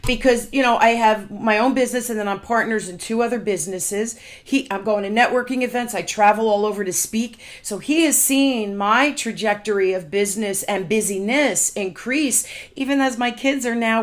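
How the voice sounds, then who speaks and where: A woman in her forties hosting a show, telling personal stories with lively acted-out dialogue. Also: a little high, moderate pace. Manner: animated storytelling, acts out quoted dialogue. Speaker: podcast host. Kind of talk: casual interview chat.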